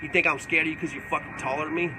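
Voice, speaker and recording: A man's voice: fairly high pitch, fairly even intonation, rapid-fire, background noise, lightly acted. A man playing a crude, boastful redneck character who rambles through tall tales and swears constantly during a comedic livestream Q&A. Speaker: comedic character answering fan questions.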